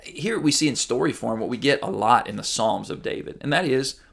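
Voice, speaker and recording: A man preaching a sermon in a gravelly, mid-range voice. He talks to his listeners earnestly and conversationally. Now and then he reads Bible verses aloud or mimics the voices of ordinary people. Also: medium pitch, fairly quick, a bit bright. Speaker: pastor.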